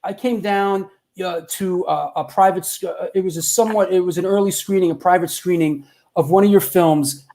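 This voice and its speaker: A man hosting an interview show, asking halting questions with lots of stammers and casual swearing. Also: sits high, dark tone. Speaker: host.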